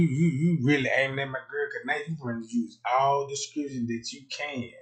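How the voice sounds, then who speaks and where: A man hosting a livestream, telling a profane comic story in an animated way, swinging from hushed asides to loud outbursts. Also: medium pitch. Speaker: comedic livestream host. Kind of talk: profane comedic storytelling rant.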